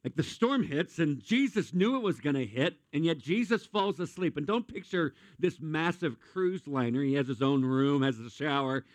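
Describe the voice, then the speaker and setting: Animated man preaching a sermon. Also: fairly high pitch, moderate pace, hardly any pauses, dry recording. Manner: animated, conversational preaching with jokes and acted-out asides. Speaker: pastor.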